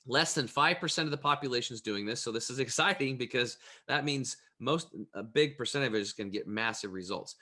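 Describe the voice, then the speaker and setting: Interview guest, male, bright tense tone, lively folksy storyteller. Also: medium pitch, fairly quick, few pauses. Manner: energetic, emphatic storyteller; folksy, plain-spoken.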